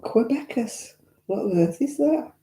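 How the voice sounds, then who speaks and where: A woman's voice: on the high side, lively intonation, a little slow, mellow. An older woman with a Northern English accent, chatting casually and reminiscing while answering viewer comments, with blunt asides. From Northern England. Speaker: vlogger host. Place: indoors at home. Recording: echoey room.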